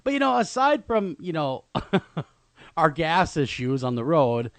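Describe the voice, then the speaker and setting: A man co-hosting a podcast, joking and chiming in with quick reactions. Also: a little high, big pitch swings, no echo. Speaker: co-host. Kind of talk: casual podcast chat. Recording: dry close audio.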